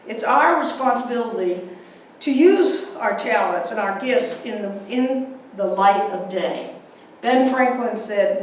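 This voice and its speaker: A middle-aged woman giving a Sunday talk in a church, a lively storyteller who acts out the voices in her anecdotes. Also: on the high side, measured pace, slight background noise. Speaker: guest speaker. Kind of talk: Sunday talk with personal stories. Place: church sanctuary. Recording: echoey hall, mic from far off.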